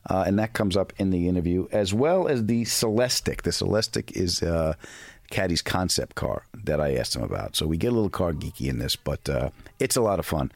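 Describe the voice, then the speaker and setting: A man's voice: deep voice, big pitch swings, a little fast, dry recording. A middle-aged man hosting a podcast alone, chatting casually and telling a funny story. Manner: chatty, storytelling, laughs often. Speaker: podcast host. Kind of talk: casual solo podcast intro.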